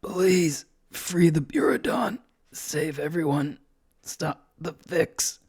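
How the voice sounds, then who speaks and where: A man's voice: fairly high pitch, animated, slow pace, darkish tone, voice pushed up, heavily acted. A man voicing a wounded man near death, speaking in a weak, wheezing whisper. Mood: pleading. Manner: whispered, breathy pleading. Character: dying wounded man, barely able to speak.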